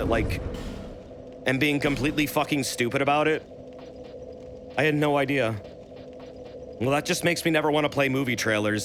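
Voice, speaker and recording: Dude streaming a game, kinda high voice that jumps all over, cusses a lot, noisy audio. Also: male voice. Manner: excitable, swears freely, yells at enemies. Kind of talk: casual gameplay commentary.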